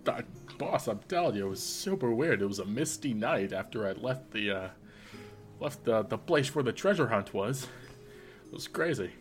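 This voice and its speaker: A man's voice: lowish voice, lively intonation, normal speed, faint music behind, lightly acted. A man voicing a shifty male henchman who hesitates, stammers and tries to please his boss in a tabletop game. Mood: evasive. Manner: hesitant, full of "uh", wheedling.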